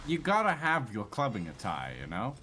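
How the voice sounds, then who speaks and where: A man's voice: mid-range voice, huge pitch swings, normal speed, bright, forceful tone, a little hiss or hum. A man making wry, casual remarks on a game livestream. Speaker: gamer on a livestream.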